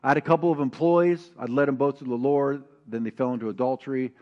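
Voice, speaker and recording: A man preaching a sermon as pastor, telling a personal story and reading scripture, animated and calling on the congregation to answer back. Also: medium pitch, fast talker, highs cut off. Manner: animated, calls for congregation responses.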